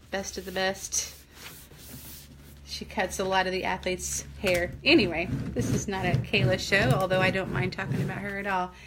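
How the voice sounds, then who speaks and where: An older woman with a Southern accent talks casually while she works on a craft live stream. Her voice is bright and forward, and she laughs often and greets viewers by name as she goes. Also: medium pitch, a little hiss or hum.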